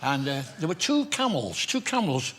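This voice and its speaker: An older Liverpool comedian from England, appearing as a chat show guest, tells jokey anecdotes, animated, breaking into laughter and slipping into voices for his stories. His voice is on the high side at a normal pace, with slight background noise.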